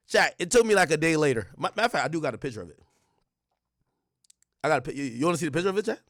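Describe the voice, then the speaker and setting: A man's voice: on the high side, fairly quick, no room sound, studio quality. A young man livestreaming, telling a story to his chat in a casual, profane way and acting out the back-and-forth with quoted voices. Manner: animated, reenacts exchanges with quoted voices; casual and profane, frequent restarts. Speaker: streamer.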